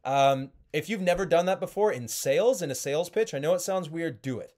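A man's voice: on the high side, animated, brisk, darkish tone. Emphatic male sales coach. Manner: emphatic coaching, checks in with "okay?" and "right?". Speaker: sales trainer. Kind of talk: sales training talk.

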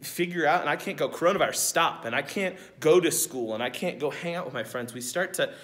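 With a fairly high pitch and a brisk pace, a young man serves as youth speaker at a camp. He offers kids a relaxed devotional lesson, chatting freely, tossing out rhetorical questions, and checking in with listeners.

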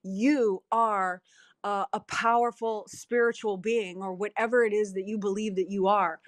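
A woman guest talking candidly and emphatically about fear, in a self-deprecating, animated way, on an online group call. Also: medium pitch, unhurried, no echo, clean studio sound. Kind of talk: candid motivational talk.

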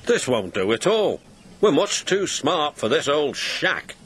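A man's voice: a little high, big pitch swings, unhurried, pitched above the performer's own voice. A man voicing a proud, grumpy male steam engine in a children's story, haughty and complaining. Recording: voice over loud background music.

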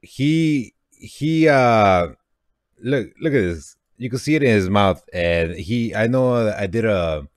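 A man hosting a music reaction video, talking casually and excitedly, repeating himself and laughing often; a native Spanish speaker. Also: lowish voice, takes it slowly, no room sound, clean studio sound.

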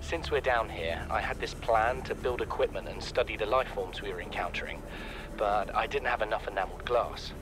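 An actor playing a young male scientist keeping an audio diary in a game, calm and reflective. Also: fairly low pitch, a little fast, lightly acted. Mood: excited. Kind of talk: recorded in-game voice log. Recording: game audio with music underneath.

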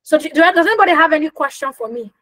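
A young woman teaching a live online business class in a high, bright voice. She speaks with emphasis, repeats key phrases for effect and keeps asking her listeners questions. The sound is close and dry, with no room around it. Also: lively intonation, very fast, dry recording, low-quality recording. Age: young adult. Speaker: business coach hosting a workshop.

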